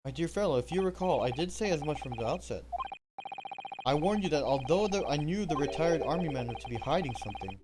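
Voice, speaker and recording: A man's voice: a little high, expressive, a little fast, noisy background. A man streaming a game, reading every character's lines aloud with a mild put-on English tone. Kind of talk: live game dub-reading. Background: game music.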